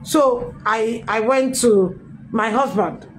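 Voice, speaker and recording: A middle-aged woman pastor, telling her testimony in a sermon with emphatic, animated storytelling. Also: on the high side, slow, a little hiss or hum, low-quality recording. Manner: storytelling with acted quotes, emphatic swings. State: recovering from a tooth extraction.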